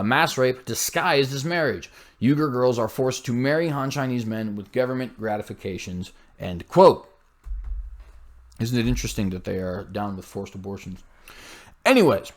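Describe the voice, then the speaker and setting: A man hosting a commentary show, reading news aloud with blunt, scornful asides and frequent slips and self-corrections. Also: medium pitch.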